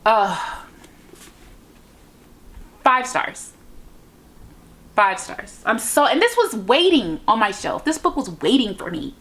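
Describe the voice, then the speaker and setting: A woman's voice: a little high, sing-song, moderate pace, hardly any pauses, a bit bright. A young woman chatting casually on her book channel, gushing and rambling with lots of fillers. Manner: chatty, gushing, lots of "like" and "you know what I mean". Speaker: book vlogger. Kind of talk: casual book review chat.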